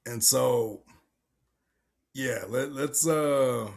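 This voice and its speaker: A man's voice: mid-range voice, drawn-out words, creaky. A young adult man hosting a podcast, talking bluntly and loosely while reacting to a video clip. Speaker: podcast host. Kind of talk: casual chat reacting to a clip.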